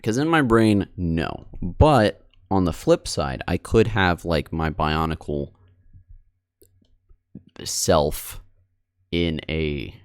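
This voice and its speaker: Deep-voiced man chatting with his stream. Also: expressive, slow pace, pauses often, clean tone. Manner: rambling, self-interrupting, addressing chat. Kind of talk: casual chat while editing video.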